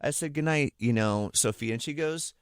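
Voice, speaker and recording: A man's voice: on the high side, normal speed, clear, resonant tone, dry recording, clean studio sound. A man in his thirties hosting a morning radio show, chatting casually and telling stories with frequent laughter. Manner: animated storytelling, laughs often. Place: radio studio. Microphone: studio microphone.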